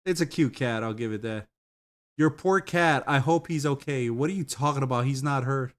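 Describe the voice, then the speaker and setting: A man streaming as he browses videos, rambling, swearing loosely and giggling often at what he sees. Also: mid-range voice. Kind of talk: casual commentary while browsing videos.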